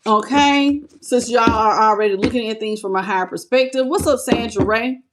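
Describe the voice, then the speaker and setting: A woman's voice: a little high, normal speed, very noisy. Woman tarot reader with a country twang. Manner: chatty, greets viewers with pet names. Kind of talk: live-stream tarot reading.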